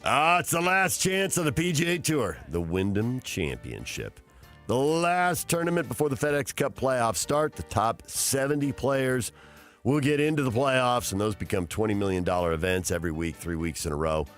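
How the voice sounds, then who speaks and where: A man's voice: medium pitch, moderate pace, soft background music. A man hosting a sports talk radio show, chatting about the games and reading headlines and promos. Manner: energetic, reads promos and headlines.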